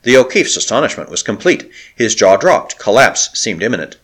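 A man's voice: on the low side, very animated, moderate pace, a bit bright, husky. A man reading an adventure novel aloud as an audiobook narrator, telling it with dramatic expression.

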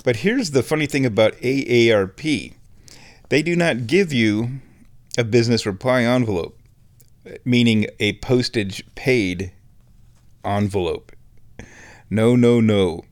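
A man's voice: medium pitch, unhurried, pauses often. Middle-aged guy rambling at home on his show, dry jokes, laughs at himself, plain mid voice. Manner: wry, rambling, chuckles at his own jokes. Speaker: podcast host. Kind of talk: casual solo monologue.

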